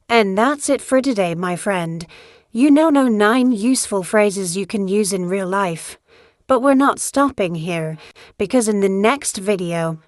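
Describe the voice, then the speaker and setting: A woman giving a scripted English lesson, reading out clear example sentences and prompting the listener to repeat after her. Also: medium pitch, no room sound, clean studio sound. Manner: clear, deliberate, model-sentence delivery. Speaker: English teacher. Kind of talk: slow scripted language lesson.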